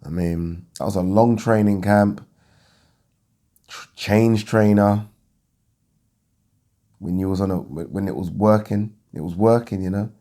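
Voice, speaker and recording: A man's voice: sits low, moderate pace, hardly any pauses, mellow. A young man giving a rambling, casual reaction to a boxing fight as a vlogger, thinking aloud and restarting his sentences.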